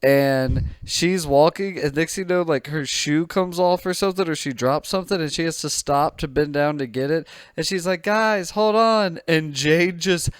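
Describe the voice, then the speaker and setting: A man's voice: on the high side, moderate pace, hardly any pauses, no room sound, studio quality. A man co-hosting a podcast, telling stories in casual chat, acting out quotes and laughing often. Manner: animated storyteller, acts out quotes, laughs often. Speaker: podcast co-host.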